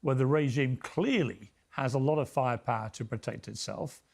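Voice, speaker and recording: A man giving measured political commentary as a news panel guest, building a steady, serious argument. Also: medium pitch, vocal fry. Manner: deliberate, grave, steady argument.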